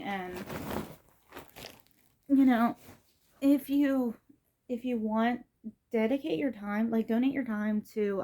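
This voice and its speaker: A woman's voice: medium pitch, noisy background. A middle-aged woman vlogging in a casual, rambling way, with many fillers and restarts. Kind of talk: casual rambling vlog talk.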